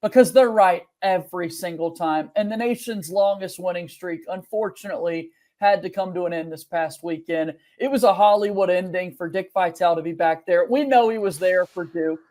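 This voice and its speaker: High-voiced male co-host, rambling casual game recap with fillers. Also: moderate pace, hardly any pauses, darkish tone. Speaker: podcast co-host.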